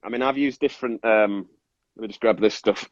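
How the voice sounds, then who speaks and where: A man's voice: on the low side, a little fast, lo-fi sound. A man explaining his resin work in casual interview chat, rambling with fillers and restarts. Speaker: resin artist guest.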